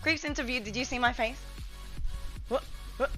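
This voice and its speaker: A young woman talks to her stream viewers from her kitchen at home, scatterbrained, chatty and a bit breathless. Her high voice moves at a moderate pace, bright and forceful, with faint music in the background. It's a casual live-stream chat aimed at her chat.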